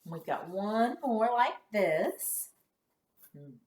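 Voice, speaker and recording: A woman teaching a kindergarten phonics lesson, sounding out letters slowly and cheering the children on. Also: medium pitch, roomy sound. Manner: slow, exaggerated sound-by-sound modeling with lively praise.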